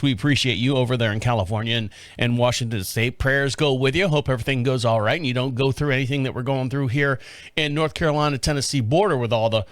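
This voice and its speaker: A male podcast host rambles casually in a folksy, jokey way. His voice sits a touch high and sounds smooth and clear. It is close-miked in a dry studio. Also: fairly bright tone, no room sound. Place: small radio studio. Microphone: studio microphone.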